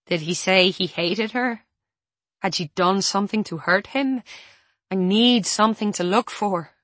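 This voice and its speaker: A woman's voice: medium pitch, unhurried, a bit bright, no room sound, lightly acted. A woman voicing an insistent adult female friend who presses hard for answers, sounding exasperated.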